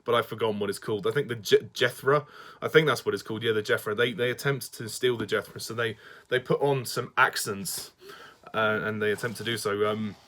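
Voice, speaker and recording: A man's voice: fairly low pitch, steady tone, fairly quick, a bit bright. A man with a Southern English accent giving a casual spoken review, hesitant, often restarting sentences and laughing between them.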